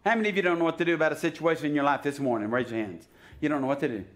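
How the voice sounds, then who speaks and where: Brief: male pastor, high voice, casual sermon that builds to shouted urging, church service. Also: racing. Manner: conversational preaching that swells to loud, shouted exhortation; joking asides and frequent restarts. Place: church sanctuary.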